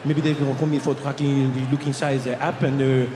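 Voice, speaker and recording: A man's voice: flat delivery, echoey room, background noise, natural voice. A man doing a rambling older French airport clerk. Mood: muddled helpful. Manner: halting, circling broken English, low and earnest.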